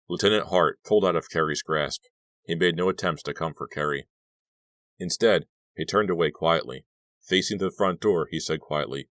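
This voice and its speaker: A male audiobook narrator with a very deep voice delivers scripted narration as steady, measured storytelling. The recording is dry, with clean studio sound.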